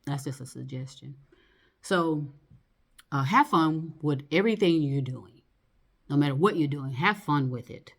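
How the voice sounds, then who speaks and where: A woman's voice: low voice, a little slow, pauses often. A woman talking in a loose, rambling monologue, full of fillers, restarts and swearing. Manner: rambling, loose and profane, lots of fillers and laughs.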